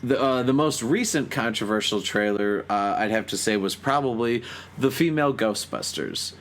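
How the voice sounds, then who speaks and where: A man's voice: on the low side, lively intonation, moderate pace, a bit bright, a little hiss or hum. Laid-back young male podcast host. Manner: laid-back, chuckling, with many fillers. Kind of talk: casual chat.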